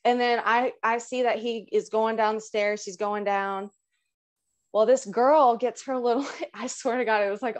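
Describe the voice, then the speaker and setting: A young adult woman guest telling a story in a casual, animated way, full of fillers and acted-out quotes. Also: medium pitch. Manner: animated, lots of "like" and laughs, acts out quotes. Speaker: guest musician.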